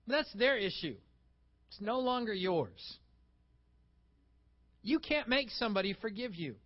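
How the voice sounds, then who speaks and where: A male pastor preaching a sermon, animated and acting out little dialogues as he goes. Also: very high-pitched, slow pace, pauses often, dull audio.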